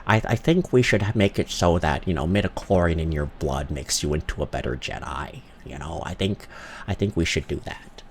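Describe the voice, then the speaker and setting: A man's voice: rumbling low, moderate pace, a little hiss or hum, voice pushed down. A man doing an impression of a mumbling, awkward middle-aged film director who keeps searching for his next thought. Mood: musing.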